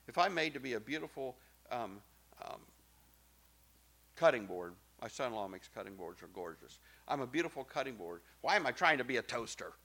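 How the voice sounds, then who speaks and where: A middle-aged male pastor preaching a sermon, emphatic and swinging from soft, low asides to loud exclamations.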